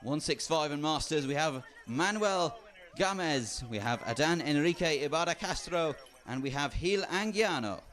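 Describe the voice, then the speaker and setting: A man's voice: on the high side, expressive, moderate pace, few pauses, a bit bright. A man commenting on a kart race, steadily reading out drivers by nation with a few dry asides. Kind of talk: reading out entry lists.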